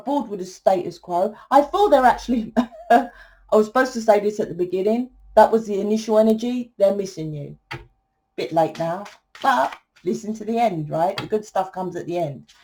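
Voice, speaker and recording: A woman's voice: medium pitch, moderate pace, dark tone. A woman giving a tarot reading in a fiery, blunt monologue, swearing freely and asking "right?" often. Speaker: tarot reader.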